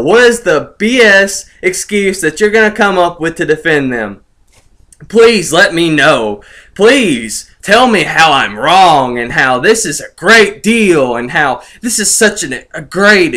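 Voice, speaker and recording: Young guy doing a snarky gaming rant, bright edgy voice, a bit high. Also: animated, measured pace. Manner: sarcastic, gloating, laughs incredulously. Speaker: gaming vlogger. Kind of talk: ranting video commentary.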